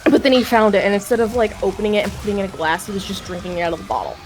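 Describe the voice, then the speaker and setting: A woman's voice: mid-range voice, racing, over music. Young woman rambling through a story. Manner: rambling, filler-heavy, swears freely, laughs often. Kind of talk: casual chat, telling a family story.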